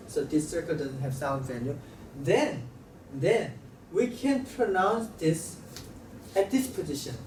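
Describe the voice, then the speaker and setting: A man teaching a language lesson, talking haltingly and repeating sounds to demonstrate them. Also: fairly high pitch. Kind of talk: classroom lecture at a board. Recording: roomy, slightly distant mic with faint room noise.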